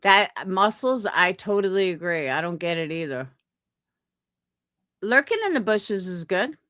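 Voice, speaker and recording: A woman's voice: fairly low pitch, expressive, measured pace, a bit bright, dry recording, clean studio sound. A young woman on a live stream, chatting casually with viewers and venting in indignant, profane talk. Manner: indignant, profane, quotes others in put-on voices. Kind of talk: casual chat stream, reading comments.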